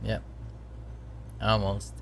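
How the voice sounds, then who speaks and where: A man's voice: on the low side, monotone, extremely slow, vocal fry, a little hiss or hum. A man chatting casually while he codes on a live stream, talking to his viewers and laughing at his own troubles. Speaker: game developer streaming his work.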